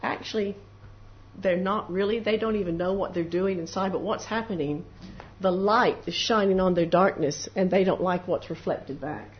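Her voice is fairly low and her speed normal as she earnestly preaches a devotional sermon. Every so often she acts out the little voices of doubters and prayers. It's a dull lo-fi recording with faint background noise.

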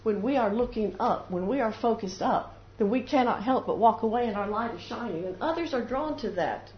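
This woman's voice is on the high side, with lively intonation and a slightly fast delivery. She preaches an earnest devotional sermon, occasionally performing the voices of doubters and of people at prayer. The recording is lo-fi and dull, with a little faint noise.

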